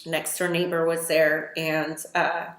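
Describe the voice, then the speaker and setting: A woman's voice: deep voice, little pitch movement, slow pace, roomy sound. A middle-aged woman giving a personal testimony, retelling events emotionally with quoted dialogue. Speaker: testimony speaker.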